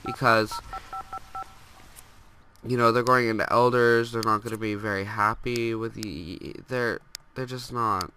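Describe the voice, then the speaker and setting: A man's voice: on the low side, fairly even intonation, a little slow, long pauses, noisy background. A young man with a stuffed-up nose, rambling casually through gameplay commentary and scolding the characters on screen. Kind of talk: casual let's play commentary.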